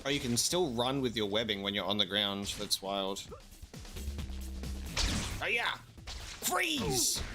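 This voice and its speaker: A man hosting casual gameplay commentary, excitable, prone to swearing and laughing outbursts. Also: fairly low pitch, brisk, few pauses, over music. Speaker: gaming video host.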